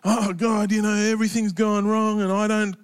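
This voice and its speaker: A man's voice: level tone, clean tone, close to an everyday voice. A man doing a whining, petulant complainer. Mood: whiny. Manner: high, fast, petulant whining.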